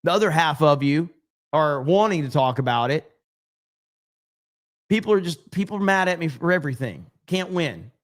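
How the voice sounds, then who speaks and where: A man's voice: a little high, expressive, moderate pace, pauses often. A man hosting a livestream, chatting casually and reading out viewer comments in a loose, profane, rambling way. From United States. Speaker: livestream host.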